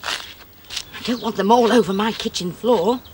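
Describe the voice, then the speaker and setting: A woman presenting and narrating a gentle, expressive children's story. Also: medium pitch, unhurried, noisy background.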